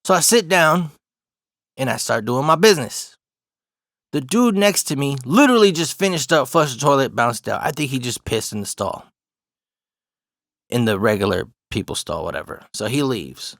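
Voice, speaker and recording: A man's voice: medium pitch, lively intonation, moderate pace, a bit bright, no echo, studio quality. A man casually telling a personal story, swearing freely and often laughing. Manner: profane, laughs through the story.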